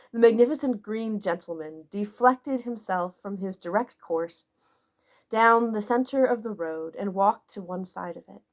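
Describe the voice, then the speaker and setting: A woman narrating a classic novel in a measured, expressive way. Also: mid-range voice. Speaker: audiobook narrator.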